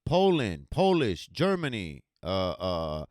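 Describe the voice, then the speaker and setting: Animated, swearing male talk show host. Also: lowish voice, normal speed, no room sound, studio quality. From United States. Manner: emotional, swearing, emphatic. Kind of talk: heated commentary to camera.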